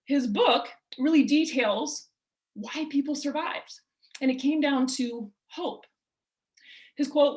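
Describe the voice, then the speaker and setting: A woman's voice: high-pitched, takes it slowly, pauses often, a little mellow. A woman leading a motivational workshop over a video call, speaking in an emphatic, punchy way and asking rhetorical questions. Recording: roomy echo.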